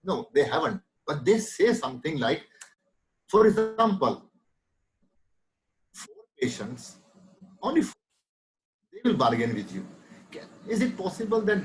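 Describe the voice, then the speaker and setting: A man's voice: a little high, big pitch swings, measured pace, long pauses, slight background noise, rough recording. A middle-aged man with an Indian English accent, teaching a homeopathy lecture with emphatic repetition. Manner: emphatic, repeats key words, acts out patient quotes.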